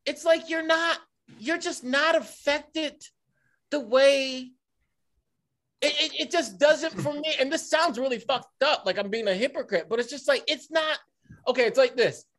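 A man's voice: very high voice, a little slow, a bit bright. A man talking in casual podcast chat, swearing and circling around his points. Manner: swearing, rambling, restarts sentences.

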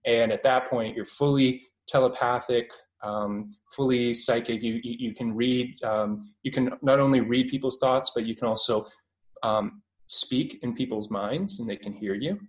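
Recounting his experiences as a radio interview guest, this Canadian-accented man in his twenties talks at a moderate pace in a mid-range voice. He sounds hesitant, full of fillers and false starts, and the recording is rough.

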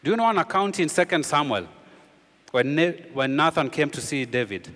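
A man preaching a sermon as pastor, emphatic, with rhetorical questions, often sinking low and quiet to drive a point home. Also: expressive, a little fast, big-room sound.

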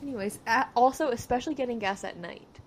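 A woman's voice: on the high side, fast. A young woman co-hosting a podcast, chatting casually and retelling moments with giggles. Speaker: podcast co-host. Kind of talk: casual chat.

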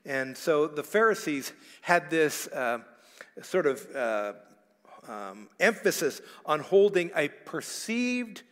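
A man's voice: high voice, fairly bright tone, in a large hall. A male pastor giving a sermon in a conversational, joking way with frequent fillers and restarts. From Canada. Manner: conversational preaching with asides and jokes to the congregation. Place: church hall.

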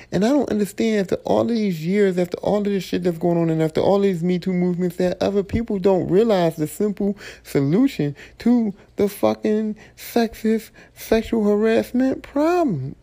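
Male podcast host, gravelly and dark-toned, blunt profane AAVE rant. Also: sits high. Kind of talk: solo podcast monologue.

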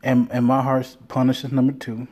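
A man with a warm, mellow voice talking in a loose, rambling monologue as a podcast host. He swears freely and slips into quick impressions of what people said to him. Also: medium pitch, completely flat delivery. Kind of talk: casual monologue.

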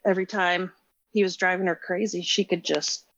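A woman's voice: on the low side, fairly even intonation, moderate pace, a bit bright, no room sound, lo-fi sound. Southern woman calling in, dry sound. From Southern United States. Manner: chatty, tells family stories. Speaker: caller. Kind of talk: casual chat.

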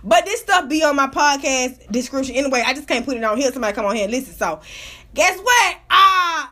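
A young woman's very high, sharp, bright voice fills this casual podcast commentary. She talks brashly and swears freely, laughing her way through rambling stories as the show's host. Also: lively intonation, brisk. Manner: brash, profane, laughing storyteller.

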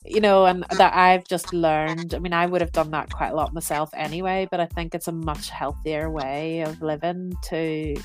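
A woman in her thirties with a notably low voice talks as a podcast guest. She is chatty and explains things at length, padding her sentences with fillers and friendly asides. Faint music plays underneath. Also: steady tone, moderate pace, few pauses. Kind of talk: casual conversational interview.

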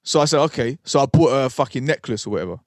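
A man's voice: medium pitch, lively intonation, very fast, a little mellow, no room sound. A man, telling sweary stories in casual podcast chat and acting out the people he quotes. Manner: sweary storytelling, acts out quoted voices. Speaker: podcast co-host.

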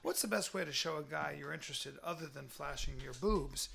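A man co-hosting a podcast, joking in a goofy, animated way with friends. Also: fairly high pitch, a little fast, gravelly, a crowd in the background. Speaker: podcast co-host. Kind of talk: crude casual banter.

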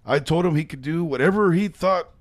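A man's voice: a little high, fairly quick, no room sound. A man co-hosting a podcast, telling a story in casual chat with lots of swearing and laughter. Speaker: podcast co-host.

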